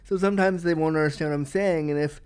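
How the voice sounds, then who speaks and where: A man's voice: a little high, fairly even intonation, darkish tone, smooth. Frank, chatty male podcast host. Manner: frank and chatty, says he talks fast. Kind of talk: candid film commentary.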